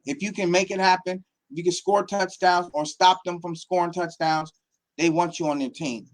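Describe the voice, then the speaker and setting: A man's voice: high-pitched, normal speed. A man, a football academy coach from Pittsburgh, talking casually in an interview and acting out quotes as he tells stories. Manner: animated storytelling, acts out quotes.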